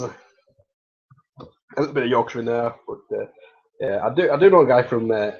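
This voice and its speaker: A man's voice: mid-range voice, normal speed, pauses often, a little mellow, lo-fi sound. A man chatting casually and jokily on a livestream, rambling and laughing often. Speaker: livestream host.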